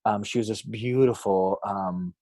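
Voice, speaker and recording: A pastor telling a story in a podcast interview, with animated delivery and quoted voices. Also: male voice, lowish voice, a little slow, no room sound, clean studio sound. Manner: animated, acts out quoted voices, frequent fillers.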